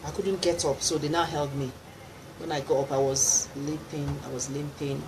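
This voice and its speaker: A middle-aged Nigerian gospel singer shares her testimony in a radio studio interview, telling it as an animated story with laughter and acting out the voices of people involved. Her voice sits low, with a steady tone and moderate pace, and there's faint background noise.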